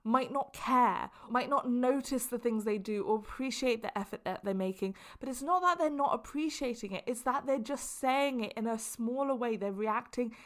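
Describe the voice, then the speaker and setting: Young female podcast host, lively, exaggerating storyteller, slightly high pitch. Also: moderate pace, few pauses. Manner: animated, exaggerating storyteller who laughs often. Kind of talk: casual solo podcast talk.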